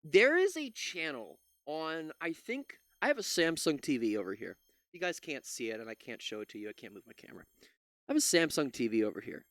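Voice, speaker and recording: A man rants in angry reaction commentary, swearing freely and sounding exasperated. His pitch swings widely as he talks, and his voice stays smooth and clear throughout. The sound is dry and close. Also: very animated, brisk, fairly bright tone, dry recording. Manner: profane, exasperated ranting. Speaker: commentary channel host.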